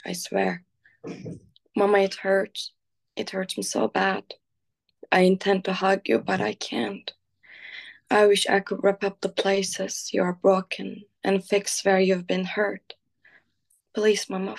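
A woman reading her own poem slowly and softly, then chatting casually. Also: medium pitch, creaky. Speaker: guest poet. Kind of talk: casual chat and poetry reading.

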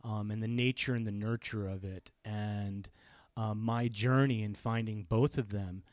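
Earnest low-voiced man telling his story. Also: steady tone, darkish tone, no room sound. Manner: earnest, reflective, often halting. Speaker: podcast host. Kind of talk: personal storytelling.

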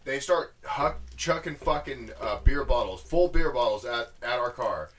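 A man's voice: medium pitch, lively intonation, a little slow, a bit bright. A man co-hosting a casual podcast, telling a story in a rambling, profane way. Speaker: podcast co-host. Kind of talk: casual chat among friends.

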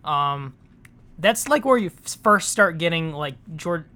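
Bright-voiced hesitant man chatting. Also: fairly high pitch, expressive, a little slow. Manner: hesitant, many restarts and fillers, laughs easily. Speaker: podcast co-host. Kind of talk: casual chat.

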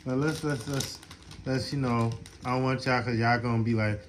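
A man's voice: medium pitch, steady tone, normal speed, background noise. A man hosting a podcast in a casual, joking, slangy chat with his co-host. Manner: laid-back, joking, slangy.

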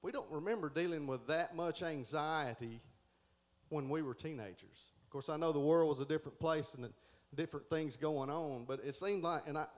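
A man's voice: a little high, normal speed. A middle-aged man giving a folksy Sunday school lesson, stumbling and restarting as he reads aloud.

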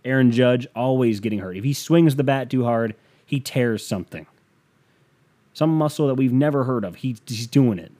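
Rambling, joking man with a mellow voice. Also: mid-range voice. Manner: joking, rambling, self-mocking. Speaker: vlogger. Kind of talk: casual comedic rant.

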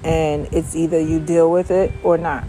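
A woman's voice: sits low, flat delivery, normal speed, warm tone, slight background noise. A woman giving blunt, loosely rambling motivational talk outdoors on her porch, swearing freely as she chats. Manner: blunt, profane, loose and chatty. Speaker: vlogger. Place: outdoors on a home porch by water.

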